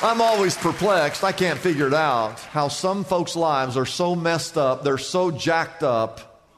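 A man preaching a sermon as pastor, building lists to shouted peaks. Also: a little high, animated, measured pace, a crowd in the background, background noise. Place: large church sanctuary. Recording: church hall reverb.

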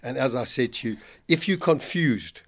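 An older man speaking as a financial adviser guest in a radio studio, animated, laughing easily and leaning on fillers like "look, you know". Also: mid-range voice, moderate pace. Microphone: studio microphone.

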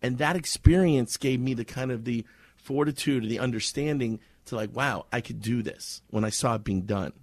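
A man's voice: mid-range voice, moderate pace, no echo, studio quality. A man from Miami, a guest in a radio interview, telling a story animatedly and acting out the voices in it, recorded in an office. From Miami, USA. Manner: lively storyteller, acts out quoted voices. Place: office with a gathering.

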